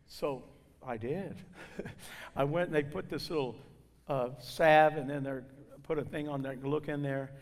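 A guest preacher, his voice slightly higher than most men's, delivers a sermon testimony in a church with fairly even intonation and a somewhat slow pace. He tells his story with feeling, slipping into the voices of the people he quotes, while the big hall's long reverb rings around him.

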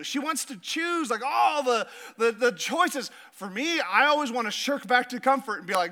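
Male pastor, high voice, bright tone, animated storytelling sermon, emphatic slow points. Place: church stage.

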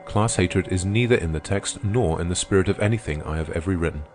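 A man reading aloud, voicing a confident male debater who speaks gravely and matter-of-factly in an audiobook. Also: low-pitched, fairly quick, a little mellow, soft background music, close to an everyday voice. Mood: assured. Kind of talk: audiobook character voice.

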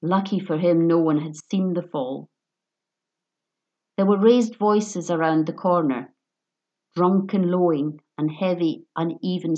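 Woman, story narration, slow pace, low pitch, measured delivery. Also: dull audio.

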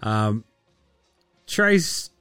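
A man with an Australian accent hosting a casual basketball podcast, sarcastic and profane, often mimicking players in quick asides. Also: on the low side, big pitch swings, fairly bright tone, clear, resonant tone, dry recording, faint music behind. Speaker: podcast host.

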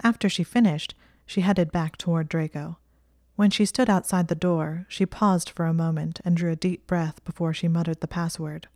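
Calm low-voiced woman reading aloud. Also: normal speed, no echo, studio quality. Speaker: audiobook reader. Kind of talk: fan fiction audiobook reading.

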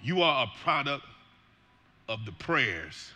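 A man preaching a sermon, shouting with passion and breaking into joking asides. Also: medium pitch, big pitch swings, slow pace, faint music behind. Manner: shouting, impassioned Black church preaching cadence.

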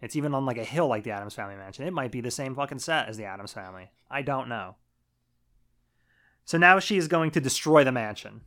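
A man co-hosting a podcast, casually recapping a movie with a laid-back manner, swearing now and then and trailing off quietly. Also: mid-range voice, expressive, fast. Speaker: podcast co-host.

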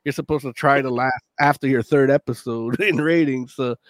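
A man in his late thirties chatting on a podcast, swearing freely, laughing often, talking in animated bursts. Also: mid-range voice, moderate pace, no echo. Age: late 30s. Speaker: podcast co-host. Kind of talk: casual chat.

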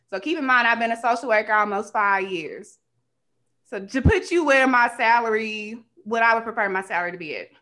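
Young woman podcast host, high and bright, animated storytelling rant. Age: young adult. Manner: animated, colloquial, acts out dialogue.

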